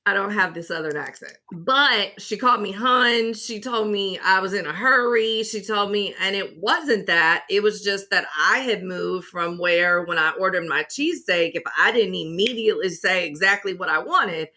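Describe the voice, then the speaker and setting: With a pushed, bright mid-range voice, a woman co-hosts a podcast at a moderate pace with few pauses. The conversation is casual, and she tells stories emphatically and with animation.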